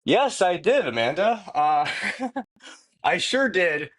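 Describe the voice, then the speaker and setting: A man's voice: sits high, big pitch swings, takes it slowly, a bit bright. Rambling man co-hosting a podcast. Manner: rambling, lots of filler and restarts; swears casually. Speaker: podcast co-host. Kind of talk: casual chat.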